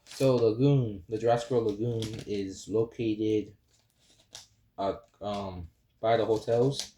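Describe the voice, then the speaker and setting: A young man talks through a drawing tutorial in a relaxed, meandering way, with lots of ums and self-corrections. His voice sits a little low, with a warm, mellow tone. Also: takes it slowly, slight background noise. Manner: rambling, apologetic, many fillers and restarts. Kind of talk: casual drawing tutorial chat.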